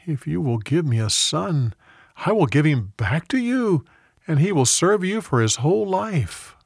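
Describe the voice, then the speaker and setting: A devout, grieving woman pleads in prayer, her voice rising and falling with feeling, as a male reader puts her on. She speaks slowly in a dry, close sound. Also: a little high, very animated, gravelly, slightly rough, dry recording, pitched above the performer's own voice, heavily acted. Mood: pleading.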